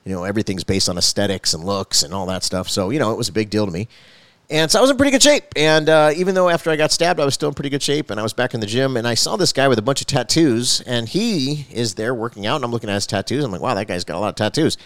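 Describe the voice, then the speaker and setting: Male pastor, quick earnest testimony, dry close sound. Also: medium pitch, a bit bright, no echo. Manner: earnest storytelling with rising emphasis. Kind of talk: personal faith testimony.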